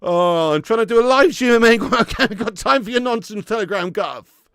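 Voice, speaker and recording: This man hosts a live football watch-along, swinging between shouting at the screen and reading out viewer messages. His voice sits very high and has a bright, cutting edge. It is recorded close and dry, with no room around it. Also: normal speed, clear, resonant tone, no echo. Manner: excitable, sweary, shouts at the screen; reads out and answers viewer chat. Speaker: watch-along streamer host.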